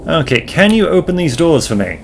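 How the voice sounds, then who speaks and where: A man hosting a let's play, reading out the game's text in an even, middle voice. He drags out the narration and muses to himself between choices. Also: on the high side, creaky, a little hiss or hum. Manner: slow, drawn-out narration of game text. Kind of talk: reading game text aloud.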